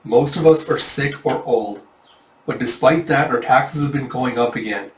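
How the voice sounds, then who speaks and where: A man's voice: medium pitch, normal speed, natural voice. Man voicing a weary older villager, plain delivery, roomy echo. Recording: echoey, distant mic.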